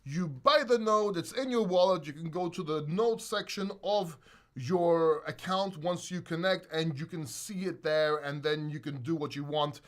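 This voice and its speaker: A man's voice: on the high side, unhurried. A man hosting a casual crypto livestream, talking loosely, laughing a lot and swearing freely.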